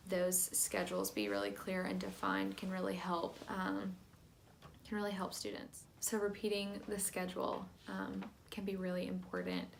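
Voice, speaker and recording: Calm, creaky-voiced woman teacher. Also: fairly low pitch, slight background noise. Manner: calm, plain, many "um" fillers. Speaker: teacher training church volunteers. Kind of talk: instructional talk.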